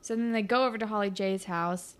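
A woman's voice: mid-range voice, a little fast. A young woman co-hosting a casual recap chat, sarcastic and swearing as she acts out characters' lines. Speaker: podcast co-host.

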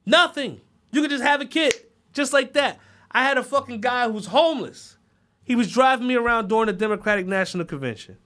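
A man's voice: extremely high pitch, lively intonation, a little fast, sharp tone. A man hosting his own podcast, ranting heatedly with lots of profanity. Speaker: podcast host. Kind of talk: solo podcast rant.

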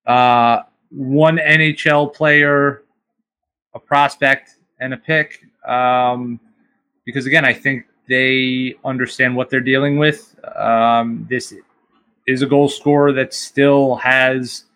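A man's voice: mid-range voice, a bit bright. A man co-hosting a sports podcast, giving analytical opinions in casual chat with frequent ums. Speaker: podcast co-host.

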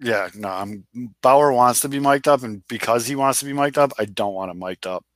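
A man's voice: mid-range voice, fairly quick, a bit bright, dry recording. A man co-hosting a podcast, enthusiastic and laughing, swearing freely in casual sports chat. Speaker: podcast co-host.

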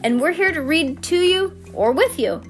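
A woman's voice: extremely high pitch, animated, normal speed, soft background music. A woman reading a children's storybook aloud as a podcast host, breaking off for playful, chatty asides to a child listening. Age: adult.

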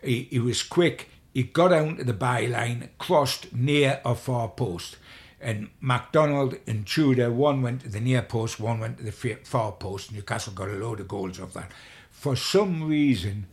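Gravelly older man telling old stories. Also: medium pitch, unhurried. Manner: rambling with repeated restarts. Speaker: sports journalist. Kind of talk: anecdotal interview storytelling.

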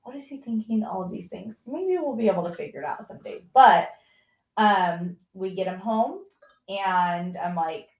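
A woman's voice: medium pitch, animated, measured pace, reverberant. A woman in her forties, a mother candidly telling a family story in casual chat, full of "like" fillers. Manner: candid, emotional, many "like" fillers.

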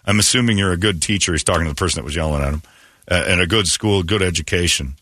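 Bright-voiced man in animated banter. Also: quick pace, no room sound. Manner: animated, mocking, jumps into high voices for bits. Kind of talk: casual comedic chat.

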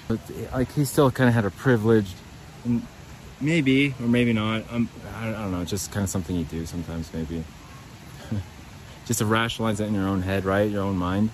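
A man's voice: lowish voice, normal speed, a little mellow, slight background noise, rough recording. A man hosting his own podcast, rambling and swearing freely in a loose, self-mocking monologue recorded outside by a creek. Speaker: podcast host. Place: outdoors by a creek.

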